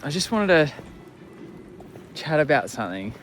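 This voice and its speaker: A man's voice: fairly high pitch, sing-song, moderate pace. A young Australian man chatting casually and joking in a laid-back travel vlog. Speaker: travel vlogger. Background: background music.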